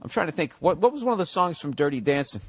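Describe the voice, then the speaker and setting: Blunt, foul-mouthed podcast host. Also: male voice, fairly high pitch, very animated, fast, no room sound. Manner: blunt, profane, rambling rants. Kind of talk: solo podcast monologue.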